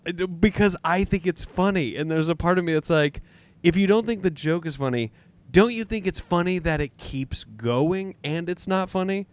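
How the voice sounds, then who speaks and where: A man's voice: sits high, normal speed, no echo. A man, a comedian guest on a podcast, rambling and self-mocking, often laughing. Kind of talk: casual chat.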